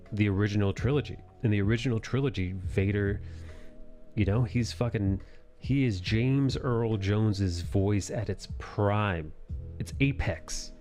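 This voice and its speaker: A man's voice: lowish voice, a little mellow. A man hosting a drawing live stream, chatting casually in a rambling, profane way that keeps correcting itself. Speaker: live-stream host and comic artist.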